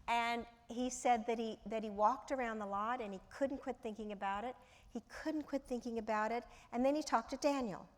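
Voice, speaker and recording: A woman, an actress, telling a lively anecdote in conversation, laughing often and repeating words as she talks. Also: fairly high pitch, moderate pace. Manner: animated, laughing storyteller who repeats words.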